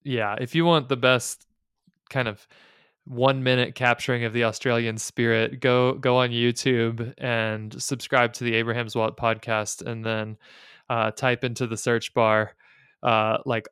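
A man in his thirties co-hosting a podcast, chatting casually with quick asides and jokes. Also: mid-range voice, flat delivery, a bit bright, smooth, no echo, clean studio sound. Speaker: podcast co-host. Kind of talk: casual chat.

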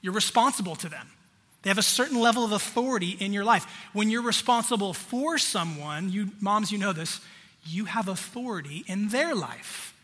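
A man delivers a sermon in a hall with a long, ringing reverb. His voice sits high and bright, with a husky edge. He talks to the congregation in a direct, conversational way. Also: expressive, a little fast. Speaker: pastor.

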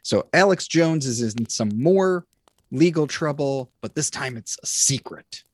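A man's voice: medium pitch, lively intonation, a little slow, husky. A young man co-hosting a podcast, chatting casually and rambling with many restarts. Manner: rambling, lots of fillers and restarts. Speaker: podcast co-host. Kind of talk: casual chat.

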